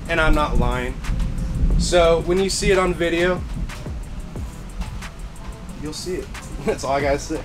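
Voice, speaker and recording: A fairly high-voiced man talks through his collection in a casual show-and-tell vlog. He is hyped and slangy, loops the same catchphrases and keeps bursting with excitement. Music plays clearly underneath him. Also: unhurried, long pauses. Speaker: fireworks vlogger. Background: background music.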